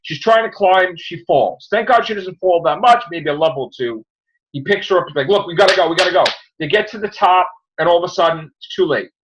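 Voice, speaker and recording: A man hosting a casual review podcast, rambling through an animated retelling of a plot. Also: high-pitched, a little fast, dull audio. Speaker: podcast host.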